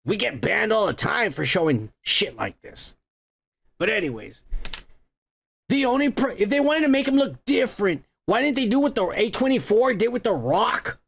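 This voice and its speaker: A man's voice: sits high, very animated, moderate pace, gravelly, a bit bright, breathy edge. A man hosting a podcast, rambling through a profane, casual movie review with lots of restarts. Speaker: podcast host.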